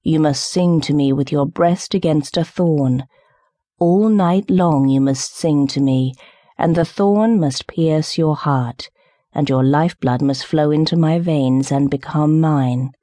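A woman voicing a solemn old rose tree in an audiobook, slow and grave. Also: deep voice, warm tone, dry recording, clean studio sound. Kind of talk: audiobook character reading.

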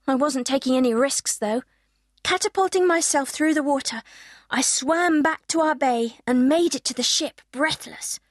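High-voiced woman reading a kids' story. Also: moderate pace, dry recording, clean studio sound. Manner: expressive storytelling, first-person girl's voice. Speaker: audiobook narrator. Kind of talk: scripted children's audiobook narration.

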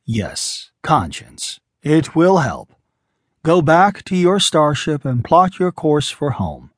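A man voicing a calm, sorrowful alien man who speaks softly and gravely. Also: takes it slowly, dry recording, clean studio sound, full character voice. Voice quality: low, soft and grave.

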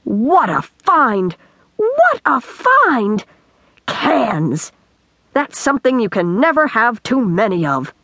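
A woman's voice: on the high side, big pitch swings, a little slow, no room sound. A woman voicing a bold, boastful girl.

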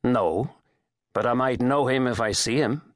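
A man's voice: mid-range voice, a little slow, dry recording, studio quality, natural voice. A male narrator voicing a blunt journalist in an audiobook, asking short, probing questions. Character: blunt male journalist, the first-person hero. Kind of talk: audiobook character voice.

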